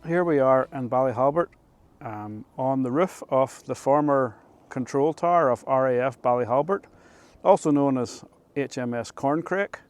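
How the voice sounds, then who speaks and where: A middle-aged man with a Northern Irish accent telling a story to camera in an unhurried, chatty way, often restarting his phrases. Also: mid-range voice, a little mellow. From Northern Ireland. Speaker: vlogger. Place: rooftop of an old control tower, outdoors.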